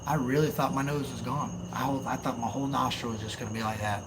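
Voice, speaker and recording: A young man, telling stories on a live stream in an animated, profane way with loud outbursts. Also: mid-range voice, quick pace. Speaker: channel host on a live stream. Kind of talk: casual storytelling on a live stream. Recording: faint insect and cricket noise behind.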